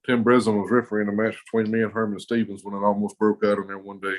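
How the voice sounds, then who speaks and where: A man's voice: fairly low pitch, little pitch movement, quick pace, poor audio. A man with a drawl spins a casual story as a podcast guest. His talk is rambling and profane, full of laughter.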